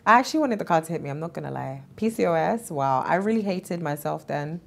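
A woman's voice: sits low, fast, vocal fry, a little hiss or hum. A woman, an interview guest who tells her story with feeling, laughing often and acting out the voices of others. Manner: animated, laughs often, acts out quoted voices.

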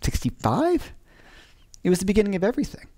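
A man's voice: mid-range voice, expressive, a little fast, darkish tone. A middle-aged man, a guitar teacher, chatting casually on a livestream from home, rambling and often breaking off mid-sentence. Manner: rambling, self-interrupting, chatty. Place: home during lockdown.

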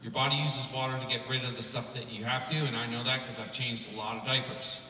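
A man's voice: medium pitch, level tone, fast talker, background noise. A man in his thirties, a musician giving a humorous, rambling keynote with lots of fillers, heard from afar at a conference. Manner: rambling, joking, chatty with many fillers. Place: large conference hall. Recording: echoey hall, from far off.

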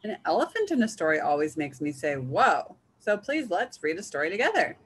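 A woman's voice: on the low side, very animated, fairly quick, a bit bright, breathy edge, full character voice. A woman doing an exasperated storybook papa. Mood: patient. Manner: patient but exasperated explaining. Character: patient, exasperated storybook father.

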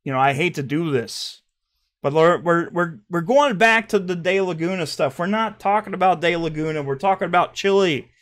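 A man hosting his own commentary channel, heated and mocking, swinging between loud outbursts and quiet asides. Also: fairly high pitch, moderate pace. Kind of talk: ranting commentary.

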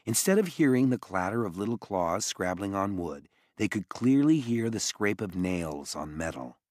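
A man reading an audiobook in expressive scripted narration, close to the mic. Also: lowish voice, moderate pace, dry recording. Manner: expressive storytelling.

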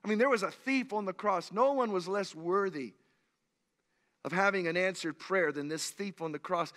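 A man's voice: high-pitched, moderate pace, fairly bright tone, long reverb tail. A man preaching a sermon as pastor in a church, telling a personal story with earnest intensity and then rising to fervent appeals to the congregation. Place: church sanctuary.

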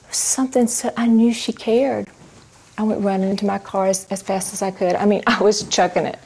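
Woman telling her faith story to a crowd, expressive, keeps asking the audience questions, mid-pitched voice. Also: moderate pace, gravelly, breathy edge. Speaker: Christian ministry speaker. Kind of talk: personal faith testimony to a live audience.

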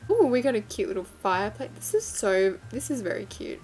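A woman's voice: mid-range voice, very animated, brisk, darkish tone. A young woman giving chatty, playful, self-mocking commentary while playing a game, with faint music behind her. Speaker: gaming vlogger. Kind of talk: casual gameplay commentary.

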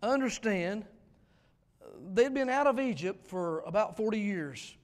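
High-voiced preacher in a reverberant church. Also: male voice, lively intonation, unhurried. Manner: emphatic, swinging between loud declarations and quiet asides. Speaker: pastor. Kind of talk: revival sermon. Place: church sanctuary. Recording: long hall reverb in a church.

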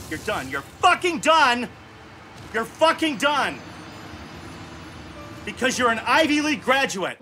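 Fifties male gamer host, cussing and fed up, bright lively voice. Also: high voice, slight background noise. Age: 50s. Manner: profane, exasperated, scolds the game aloud. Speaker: gaming channel host. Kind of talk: gameplay commentary.

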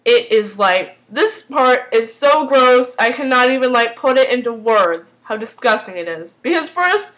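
A woman casually recapping a TV episode, rambling and excitable, filling her talk with "like". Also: a little high, a little slow, few pauses, rough recording. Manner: rambling and excitable, heavy use of "like".

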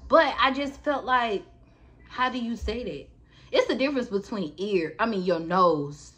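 A woman's voice: medium pitch, lively intonation, normal speed, a bit bright. A woman vlogger telling a story casually and bluntly, with plenty of swearing, and talking straight to her viewers. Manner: blunt, profane, talks straight to her audience.

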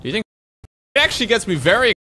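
A male streamer riffs casually on what he is watching, tossing out jokes and swearing. His voice sits a touch high and swings widely in pitch. He sounds loose and wry. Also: very animated, rapid-fire, bright, forceful tone, a little hiss or hum. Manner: joking, swearing, wry asides. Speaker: Twitch streamer. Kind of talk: casual reaction commentary on stream.

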